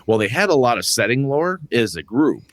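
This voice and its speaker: A man's voice: mid-range voice, no room sound. A man hosting a talk show, casually telling tabletop game stories and acting out his friends' lines. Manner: animated, acts out friends' lines in quick voices; loose, rambling with fillers and asides. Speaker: podcast host and game master. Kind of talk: casual storytelling about tabletop games.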